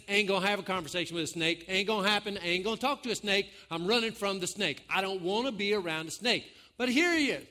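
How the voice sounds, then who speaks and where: A man's voice: sits high, bright, forceful tone. A man preaching a sermon in a folksy, joking way, speaking to his congregation. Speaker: pastor.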